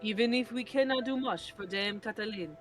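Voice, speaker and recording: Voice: medium pitch, fairly quick, over music, close to an everyday voice. A live streamer voicing a lazy, wine-loving male falcon detective in a bird-lawyer video game, grumbling drowsily through each line. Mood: groggy, lazy.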